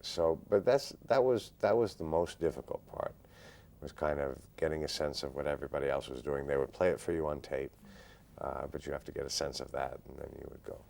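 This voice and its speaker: A male actor answering interview questions in a measured, thoughtful way, pausing often. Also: rumbling low, creaky, darkish tone. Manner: measured, thoughtful, frequent "uh" pauses.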